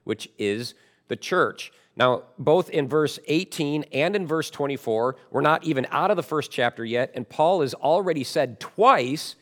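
A man preaching a sermon as pastor, emphatic, with loud stressed words and quieter asides. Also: fairly high pitch, animated, a little slow.

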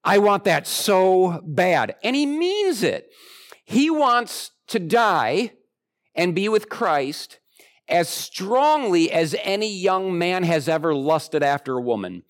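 A man preaching a sermon in a conversational, animated way, swinging from excited highs to quiet low asides. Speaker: pastor.

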